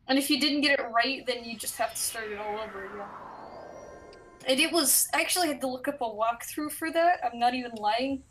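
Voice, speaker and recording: A woman chatting casually on a gaming stream, telling stories in a lively way. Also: a little high, fairly quick, distant mic, soft background music, low-quality recording. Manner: chatty, animated storytelling.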